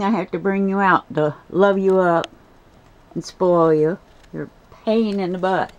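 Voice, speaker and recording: A woman with a warm, mellow voice, somewhat low for a woman, talks to her pets at home at night. She coos and scolds in a sing-song way, holding the camera in one hand, and turns to the viewers to explain how she keeps them. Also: measured pace, muffled recording. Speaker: pet keeper vlogger. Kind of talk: casual talk to her pets while filming. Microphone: handheld camera.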